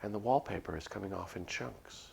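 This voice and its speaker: A man reads a spooky visual novel aloud on stream, voicing the narrator in first person. His delivery is nervous and earnest, with small slips he corrects. His voice is very deep and gravelly. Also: brisk, darkish tone, slight background noise. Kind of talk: dramatic first-person reading of a game script.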